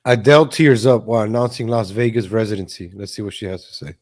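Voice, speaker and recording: A man's voice: fairly low pitch, quick pace, darkish tone. A man hosting a live stream, reacting to clips with mocking, sarcastic commentary and repeating himself.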